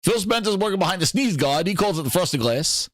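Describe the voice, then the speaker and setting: A man hosts a comedic gaming livestream, joking and exclaiming as he goes. His voice is husky and rough at the edges, and his pitch jumps about a great deal. The sound is dry and close. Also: fairly quick, no room sound. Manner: animated, joking, exclaiming, laughing often. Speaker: gaming show host.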